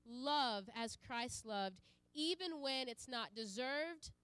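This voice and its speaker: Earnest high-voiced woman preaching. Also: lively intonation, takes it slowly, a bit bright, clean tone, dry recording. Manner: earnest, with many fillers and restarts. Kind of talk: sermon.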